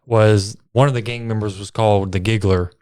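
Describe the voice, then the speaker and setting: A man's voice: fairly low pitch, fairly even intonation, normal speed, a little mellow, clean tone. A man co-hosting a casual movie review podcast, retelling scenes in a laid-back, profane way. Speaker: podcast co-host.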